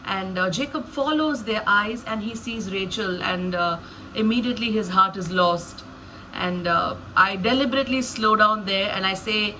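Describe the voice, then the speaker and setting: Bright-voiced woman musing on storytelling. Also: medium pitch, normal speed, a little hiss or hum, low-quality recording. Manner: thoughtful, musing, frequent hesitations. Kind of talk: reflective talk on her storytelling.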